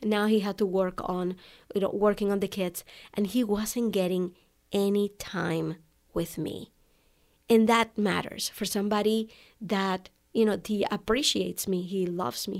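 A podcast host for online coaches speaks a little slowly in a mid-range, darkish voice with fairly even intonation. She recounts a personal story to her listeners casually, regularly tacking on "right?" and "you know."

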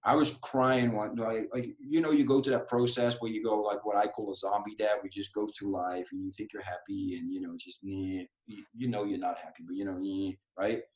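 A man with a fairly low voice shares a personal story as a podcast guest, candid and animated. He often drops in "dude" and "right?" as he talks. His words come across in a roomy, echoing space at home. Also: fairly quick, few pauses. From Europe. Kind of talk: casual storytelling. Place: home room.

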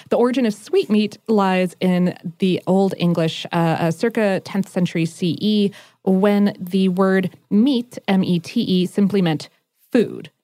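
A woman's voice: on the low side, mellow, dry recording. Enthusiastic woman podcast co-host. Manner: enthusiastic, fond of word origins. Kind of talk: casual chat.

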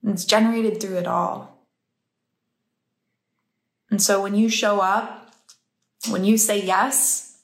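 Earnest woman in an echoey room. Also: medium pitch. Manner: earnest, heartfelt, laughs easily. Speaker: breathwork and meditation teacher. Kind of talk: casual motivational monologue.

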